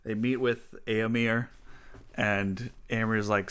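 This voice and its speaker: A man's voice: lowish voice, flat delivery, a little slow, bright, forceful tone, smooth. A man co-hosting a casual book podcast, chiming in with wry, jokey asides. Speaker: podcast co-host.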